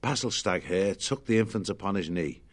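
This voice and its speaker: A man narrating a children's storybook in a lively, expressive way. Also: sits low, moderate pace.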